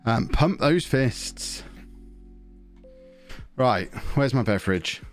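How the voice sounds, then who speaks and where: A man's voice: medium pitch, animated, slow pace, soft background music. A young man chatting casually to his viewers while streaming a game from a small home office, talking close into a desk mic in a rambling way. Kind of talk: casual live-stream chat while gaming. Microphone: desk mic close to the mouth.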